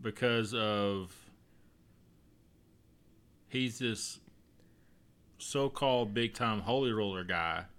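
A man's voice: lowish voice, slow pace, pauses often, fairly bright tone, smooth. A man co-hosting a podcast in casual chat, telling jokes and laughing through the punchlines. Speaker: podcast co-host.

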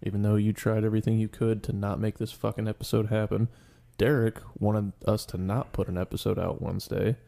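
Gravelly, foul-mouthed young man. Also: fairly low pitch, flat delivery, brisk, hardly any pauses, mellow. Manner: profane, rambling storyteller. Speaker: podcast co-host. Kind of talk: casual podcast chat.

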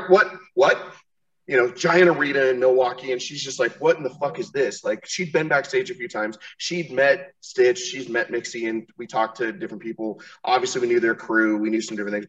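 A man's voice: mid-range voice, fairly even intonation, brisk, few pauses, fairly bright tone, recorded from a distance. A man talking loosely on a podcast, circling his point with restarts and swearing. He sits a little back from the microphone, and the sound is dull and lo-fi. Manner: rambling, profane, restarts often. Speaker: podcast host. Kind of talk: casual interview chat.

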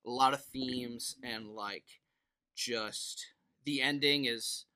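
A young man co-hosting a podcast, telling stories in a rambling, animated way with lots of fillers. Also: medium pitch, slow, clear, resonant tone. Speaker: podcast co-host. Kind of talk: casual chat.

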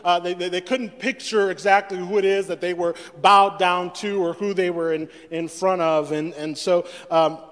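A male pastor preaching a sermon, stumbling over repeated words and acting out the voices of the scripture. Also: high-pitched. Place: church sanctuary. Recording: long reverb in a church hall.

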